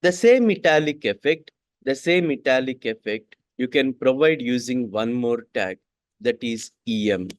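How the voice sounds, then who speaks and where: Man, coding instructor, repeats himself, very slow pace, dry recording. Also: medium pitch, animated, no room sound. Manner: repeats each sentence twice, slow and deliberate. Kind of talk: classroom coding lesson.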